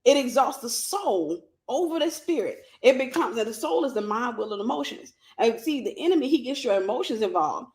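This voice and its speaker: A woman's voice: a little high, expressive, fairly quick, few pauses, darkish tone. A woman minister giving an emphatic, repetitive sermon-style Bible lesson, calling out to her listeners.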